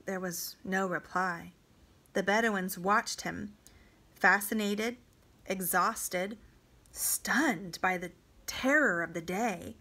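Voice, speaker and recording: A woman reading a novel aloud to students, with a deliberate, dramatic delivery. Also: medium pitch, bright, forceful tone. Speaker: reader for homeschool students.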